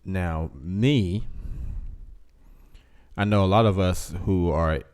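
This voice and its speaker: A man with a low, smooth, slightly mellow voice speaks slowly while hosting a relaxed live show. His chat with viewers is laid-back and repetitive.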